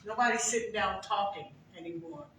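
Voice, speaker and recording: A woman's voice: medium pitch, lively intonation, a little fast, fairly bright tone, slight background noise. An older woman giving a conversational personal testimony as a guest speaker, telling stories with emphasis. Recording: very echoey room, far from mic.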